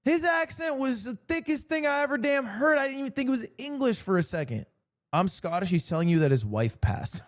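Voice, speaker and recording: Lively joking male streamer. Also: brisk. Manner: joking, animated storytelling with sudden pitch jumps. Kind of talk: casual stream chat.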